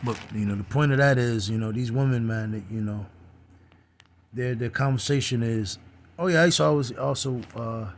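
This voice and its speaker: A man's voice: medium pitch, normal speed, a little hiss or hum. A man giving a casual religious talk in a streetwise, profane way, full of "you know" fillers.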